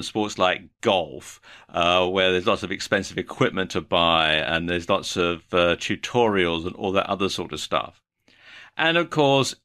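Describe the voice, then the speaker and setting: Guy doing an online marketing lesson, bright voice, kinda wry. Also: fairly low pitch. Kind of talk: scripted video lesson.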